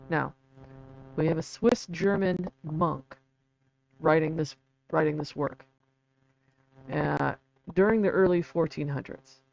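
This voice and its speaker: Long pauses mark this host's slow, gravelly, medium-pitched delivery, which has a darkish tone and dull audio. In a casual explainer video he reads passages aloud, spells words letter by letter and drops chatty, self-mocking asides with chuckles.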